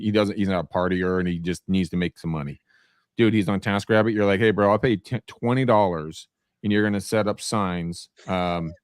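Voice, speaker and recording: A man with a somewhat low voice tells stories in a casual podcast chat about real estate. He acts out the people he quotes. His voice is close and dry, with no room sound. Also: dry recording. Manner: animated storyteller who acts out quotes.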